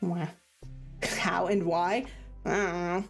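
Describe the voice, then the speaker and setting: A woman's voice: fairly low pitch, takes it slowly, vocal fry, faint music behind. A woman streamer chatting casually on a livestream, rambling and laughing often. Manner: animated, giggly and rambling.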